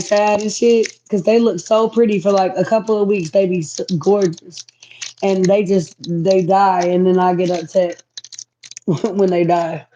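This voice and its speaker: A woman's voice: fairly low pitch, warm tone, dull audio, a little hiss or hum. A woman chatting casually to viewers on a home livestream, reading comments aloud. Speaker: livestream host. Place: home, indoors.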